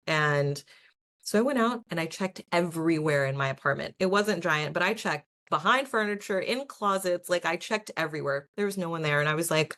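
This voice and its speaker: A young woman with a low voice talks through her own experiences in a casual podcast chat. She sounds earnest and chatty, laughs easily, and often breaks off to restart a sentence. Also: expressive, normal speed, a bit bright. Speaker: podcast host. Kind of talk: casual personal storytelling.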